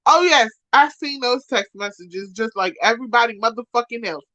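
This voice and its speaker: A woman speaking, ranting profanely and trading insults on a live stream, loud one moment and muttering the next. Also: a little high, lively intonation, normal speed, no room sound, low-quality recording. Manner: profane, insulting, repetitive, swings from shouting to muttering. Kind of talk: angry rant to a live stream.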